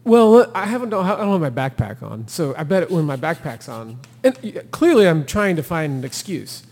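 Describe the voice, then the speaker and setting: A man's voice: on the high side, normal speed, in a large hall. A man, a thru-hiker guest on a podcast, telling his story in casual talk and acting out the quotes with laughter. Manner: animated storyteller who acts out quotes and laughs.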